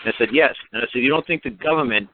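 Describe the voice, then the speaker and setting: A man's voice: mid-range voice, racing. A man in his fifties telling a rambling story on a talk show, acting out quoted dialogue as he goes. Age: 50s. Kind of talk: casual storytelling monologue. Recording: tinny phone line with faint noise.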